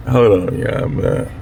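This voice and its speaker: A man's voice: deep voice, vocal fry, background noise. A man from Milwaukee talking straight to his channel's viewers in a blunt, slangy, fired-up monologue. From Milwaukee, Wisconsin. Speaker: channel host. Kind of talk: candid to-camera monologue.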